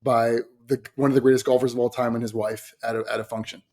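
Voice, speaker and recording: A man's voice: mid-range voice, flat delivery, quick pace, a little mellow. A young man hosting a casual podcast interview, stumbling over his words as he searches for a question. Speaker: podcast host.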